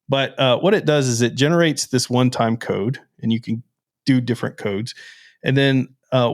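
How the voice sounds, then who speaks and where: A man co-hosting a casual tech podcast, playful and excitable, joking one moment and explaining features at length the next. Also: medium pitch. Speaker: podcast co-host.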